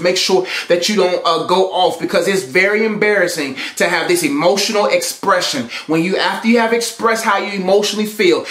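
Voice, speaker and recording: A man with a high-pitched voice delivers a motivational teaching talk on relationships. He hammers his points home through repetition, in a preacherly way. His voice rings out in a roomy, echoing space. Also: fairly bright tone. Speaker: relationship speaker. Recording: roomy echo.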